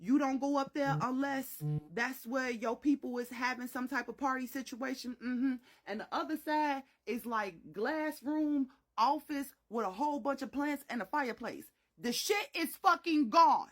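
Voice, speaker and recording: Animated, dramatic young woman storyteller. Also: high voice, moderate pace. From Chicago. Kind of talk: storytime vlog.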